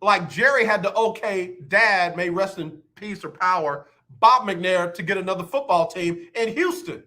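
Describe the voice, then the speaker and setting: A man's voice: sits high, normal speed, pushed and bright. A man hosting live sports talk radio, joking and repeating his points for effect into a studio microphone.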